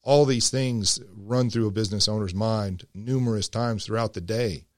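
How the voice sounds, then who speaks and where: A man, a financial advisor, explaining business transition in a measured way. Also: on the low side, no echo, studio quality. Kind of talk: scripted radio segment.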